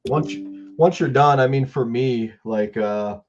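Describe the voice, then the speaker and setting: A man co-hosting a podcast talks in casual, rambling chat and often restarts his sentences. His voice sits in an ordinary middle pitch. The sound is slightly dull and lo-fi. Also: a little slow, soft background music. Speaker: podcast co-host.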